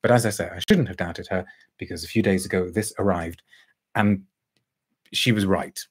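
A man's voice: deep voice, normal speed, slight background noise. A man reviewing a perfume in a thoughtful, musing way, reading out viewer comments and answering them. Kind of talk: casual live review chat.

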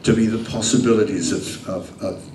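An older man with a fairly low voice answers fan questions on a convention stage, telling lively anecdotes and acting out the dialogue. He laughs often as he goes. He sounds distant and roomy, as if picked up from across a big echoing hall, with a faint hum underneath. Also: normal speed. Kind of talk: convention Q&A storytelling. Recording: echoey hall, heard from far off, faint hum.

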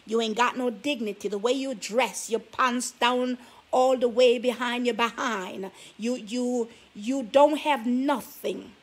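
Sassy high-voiced woman scolding. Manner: scolding, sassy rhetorical questions. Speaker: vlogger giving relationship advice. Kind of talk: preachy talk to camera.

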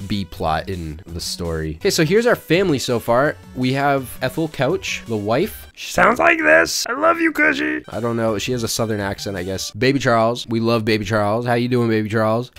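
A man who says he is sick, rambling and joking to his viewers as he draws a cartoon family in casual commentary. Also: on the low side. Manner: rambling, jokey, talks to chat. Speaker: YouTube drawing creator.

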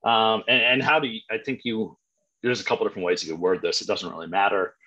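A man's voice: fairly low pitch, steady tone, fast talker, sharp tone, highs cut off. A man coaching real estate agents in a blunt, emphatic way, cursing freely as he makes his points. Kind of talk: live coaching talk.

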